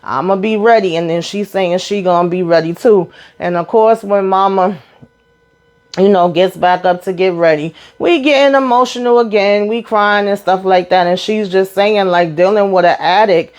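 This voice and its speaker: Chatty, profane woman recapping a show. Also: lowish voice. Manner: animated, swears freely, acts out quotes. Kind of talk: casual reality-show recap commentary.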